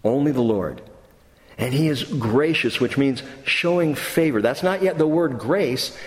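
A man preaching a sermon as pastor, reading scripture slowly and building to emphatic, lively bursts. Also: medium pitch. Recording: roomy hall with long reverb.

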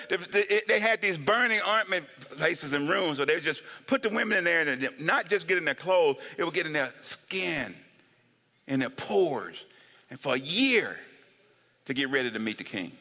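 Preaching a funny sermon, a pastor gets animated, laughs frequently, lets out whoops of woo, and asks the crowd for amens. His voice is a little high and moves at normal speed, with a big-room sound around it.

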